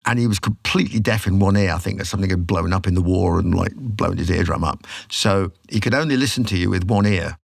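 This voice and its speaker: A man, telling stories as a podcast guest in an animated, casual way. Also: low-pitched, fairly quick, creaky, few pauses, slightly rough, dry recording, studio quality. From England. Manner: animated storyteller, acts out quotes. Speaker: podcast guest, rock singer. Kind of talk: casual storytelling.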